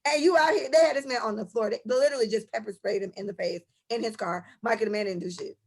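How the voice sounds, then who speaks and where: A young woman co-hosting a casual podcast chat. She talks in a fired-up, profane way and acts out the people she is telling about. Her voice sits a little on the high side. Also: fast. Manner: impassioned, profane storytelling. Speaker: podcast co-host.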